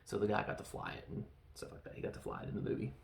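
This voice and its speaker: A man's voice: very fast, darkish tone. A man hosting a podcast, giving a casual, joking, self-deprecating film review. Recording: roomy echo.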